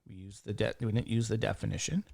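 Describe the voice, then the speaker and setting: A man's voice: lowish voice, fairly even intonation, quick pace, gravelly, a little mellow, breathy edge, dry recording, studio quality. A man teaching a statistics lecture, walking through a calculation and counting digits aloud step by step. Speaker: statistics instructor. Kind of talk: classroom lecture.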